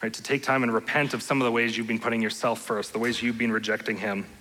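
A man preaching a sermon as pastor, earnest and steady, often checking in with his listeners by asking "right?". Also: mid-range voice, quick pace, big-room sound, a little hiss or hum, rough recording. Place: church sanctuary.

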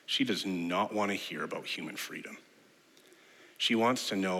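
Bright-voiced male pastor, echoing hall. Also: sits low, normal speed. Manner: animated storyteller who acts out quoted voices. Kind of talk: sermon.

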